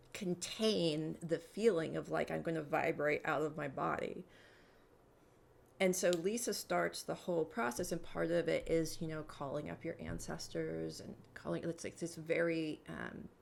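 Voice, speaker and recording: A woman guest on a podcast telling a personal story in a casual, animated way, acting out quoted dialogue and using plenty of filler words. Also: lowish voice, gravelly. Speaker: podcast guest, mentor and hypnotherapist.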